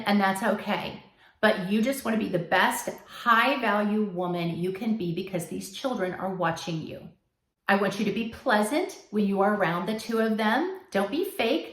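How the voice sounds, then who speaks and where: A woman coaching her listeners firmly in a direct advice talk, sometimes acting out what they might say. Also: medium pitch. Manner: firm, coaching, acts out quoted lines. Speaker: advice host. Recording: echoey room.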